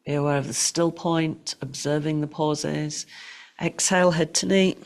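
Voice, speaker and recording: A middle-aged woman teaching yoga and breathwork, giving calm, unhurried, gently directive cues for breathing and movement. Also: sits low, slight background noise. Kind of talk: guided breathwork and yoga instruction.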